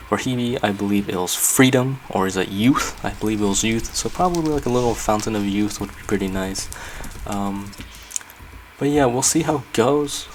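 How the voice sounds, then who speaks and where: A man with a lowish voice talks through a building session in a loose, rambling way. He thinks aloud, corrects himself and fills gaps with "um" and "like". A faint hiss sits under the voice. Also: low-quality recording. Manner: rambling, chatty, thinking aloud with many fillers. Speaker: Minecraft builder and channel host. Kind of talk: casual gameplay commentary.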